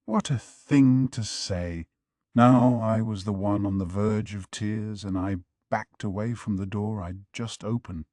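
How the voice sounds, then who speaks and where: Male audiobook narrator, slow and wry, super dry close mic. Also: on the low side, warm tone, no echo. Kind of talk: scripted first-person narration.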